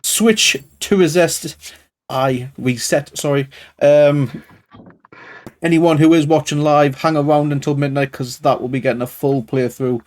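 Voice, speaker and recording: A man interviewing a band in a loose, chatty way, laughing and swearing along with them. His voice sits a little high. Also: steady tone, unhurried, a little mellow. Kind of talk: casual interview.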